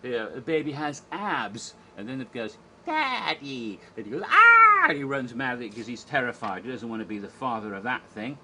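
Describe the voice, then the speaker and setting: A man's voice: medium pitch, a little fast, few pauses, sharp tone, slight background noise, low-quality recording. A man casually retelling a comedy stage show, chatty and irreverent, often acting out the characters' lines. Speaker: theme park history vlogger.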